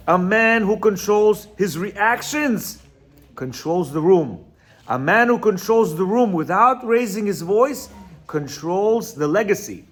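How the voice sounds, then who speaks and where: A man teaching on marriage and self-control, reading passages aloud and explaining them with frequent asides. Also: sits high. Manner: reads quotes aloud, then explains with asides and constant "you hear?", "right?"; sometimes stumbles over Hebrew words. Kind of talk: informal religious teaching talk.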